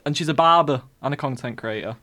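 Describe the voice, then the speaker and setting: A man's voice: medium pitch, quick pace, bright, forceful tone. A man co-hosting a casual podcast, reading out news headlines in a jokey, self-mocking way. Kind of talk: casual group chat.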